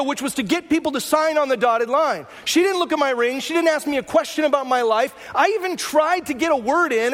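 A middle-aged man preaching a sermon as pastor, telling stories in a chatty, self-mocking way. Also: very high voice. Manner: conversational storytelling with self-mocking humor. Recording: long church hall reverb.

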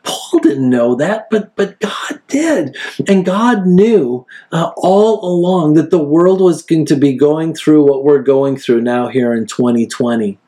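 A man preaching a sermon in a relaxed, conversational way, telling stories and acting out quoted speech. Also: a little slow. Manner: storytelling, acts out quoted speech with big pitch jumps; conversational, frequent fillers. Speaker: pastor.

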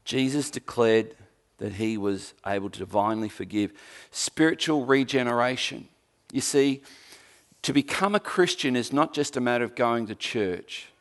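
A man preaching a sermon, emphatic with dry humour, swinging from forceful peaks to quiet, low passages. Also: moderate pace. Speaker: pastor.

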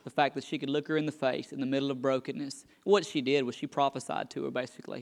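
A man's voice: mid-range voice, steady tone, fast talker, creaky, big-room sound. A man preaching as pastor, emphatic and repeating his key phrases. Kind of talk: sermon.

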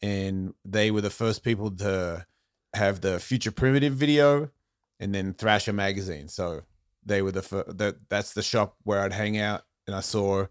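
A man's voice: fairly low pitch, steady tone, normal speed, smooth, no echo, studio quality. Profane Australian man telling stories. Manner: profane storytelling with mimicked voices. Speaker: guest. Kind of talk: casual podcast chat.

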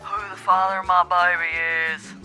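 A woman's voice: fairly low pitch, flat delivery, moderate pace, bright, forceful tone, faint music behind. A woman voicing a dim female caller asking a psychic a question, in a comedy sketch. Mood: flat.

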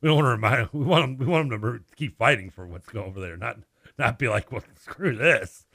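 A man's voice: medium pitch, fast talker, dry recording, studio quality. A man, co-hosting a sports radio show and telling stories in casual chat, acting out the voices with laughs. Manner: animated storyteller, acts out voices and laughs.

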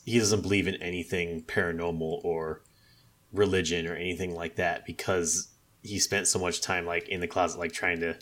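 A man's voice: deep voice, a bit bright. A man in casual chat, retelling a video game's story in a rambling way, full of fillers and quoted lines. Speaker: podcast co-host discussing a video game.

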